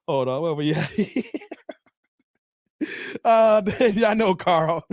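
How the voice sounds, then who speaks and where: A man hosting a casual livestream, animated and laughing often as he talks straight to his viewers. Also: high-pitched, slow pace, pauses often, dry recording, studio quality. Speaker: channel host.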